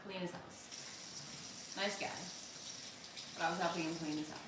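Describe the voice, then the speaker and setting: A woman hosting a casual live stream, reading viewer comments aloud in an animated, chatty way and laughing often. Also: on the low side, measured pace, far from the mic. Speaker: livestream host. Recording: echoey room, voice off-mic, noisy.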